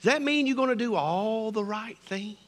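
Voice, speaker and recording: A middle-aged man with a Southern American accent preaching a sermon, swinging between loud declarations and hushed near-whispers. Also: high-pitched, normal speed. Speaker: pastor.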